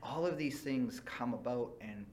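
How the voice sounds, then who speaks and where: A man's voice: mid-range voice, a little slow, darkish tone, slight background noise. A man as a podcast guest, talking earnestly and explaining his views with everyday examples. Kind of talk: casual interview chat.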